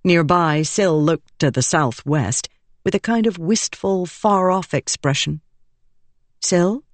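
A woman's voice: lowish voice, measured pace, no room sound. Woman narrating an audiobook, close and dry. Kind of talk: scripted fantasy narration.

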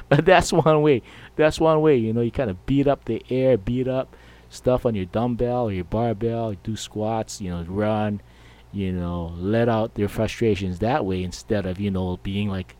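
A man's voice: lowish voice, darkish tone, no room sound. A middle-aged man hosting a podcast, rambling and jokey in a casual monologue. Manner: rambling, jokey, full of fillers. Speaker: podcast host.

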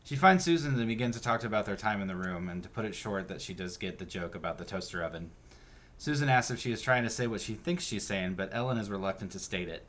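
Man recapping an episode in steady tones. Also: lowish voice, fast. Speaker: podcast host. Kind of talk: casual podcast chat and recap.

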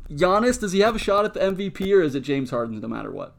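A man's voice: high voice, very animated, vocal fry. Joking young male podcast host. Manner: jokey, quick questions. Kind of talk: casual sports talk.

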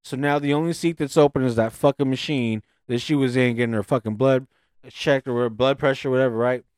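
Guy telling a wild story, cussing, animated, dry room. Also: mid-range voice, fairly quick, clear, resonant tone, dry recording. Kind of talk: casual storytelling chat.

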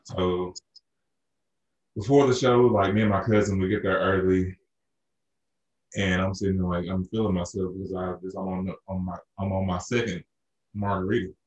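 A man from Arkansas with a very low voice tells a long, rambling story in a relaxed chat. He restarts his sentences often and leans on fillers. He sounds roomy and a little far from the mic. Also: normal speed, pauses often, highs cut off. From Arkansas, USA. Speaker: podcast co-host. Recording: roomy echo, a bit off-mic.

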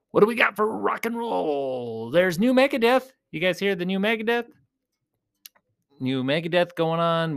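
Chatty, fairly high-voiced man rambling casually. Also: a bit bright. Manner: chatty, joking, self-deprecating, trails off and restarts. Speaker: video creator. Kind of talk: rambling casual chat to viewers while playing a game.

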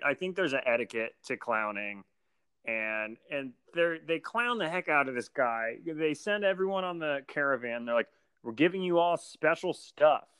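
A man's voice: mid-range voice, pushed and bright, clear, resonant tone, no room sound. A man co-hosting a podcast, chatting casually and acting out scenes in mock voices. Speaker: podcast co-host. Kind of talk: casual chat.

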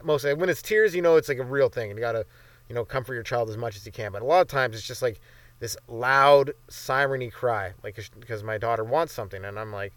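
A man's voice: medium pitch, fast, fairly bright tone, dry recording. Rambling, profane young man on a dry mic. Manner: loose, profane, rambling with lots of fillers. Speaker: comedy podcast host. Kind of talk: rambling stand-up style monologue.

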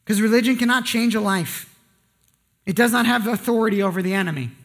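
High-voiced male pastor preaching. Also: fairly quick. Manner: conversational, joking asides, rhetorical questions. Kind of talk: sermon.

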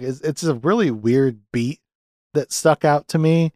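On his casual movie review podcast, this male host is lively, regularly putting on squeaky voices for characters' dialogue and breaking into laughter. He speaks a bit slowly, with no echo and a clean studio quality.

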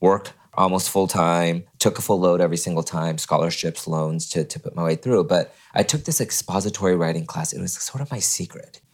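A man in his forties from California, a podcast guest telling his personal story in an animated way and acting out the people he quotes. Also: fairly quick, few pauses. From California, USA. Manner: animated, acts out quoted people with sudden high voices.

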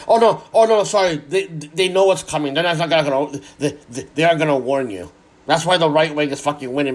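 Guy ranting mad on his own, swears nonstop, sarcastic, kinda high voice, stumbles and restarts a lot. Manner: heavily profane, sarcastic, repeats words as he restarts. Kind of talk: angry solo rant.

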